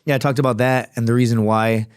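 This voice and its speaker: A former Marine and fighter tells a story as a podcast guest, rambling casually with plenty of fillers and swearing. His mid-range voice is fast and fairly even in intonation, with a clean tone and a dry, clean studio recording.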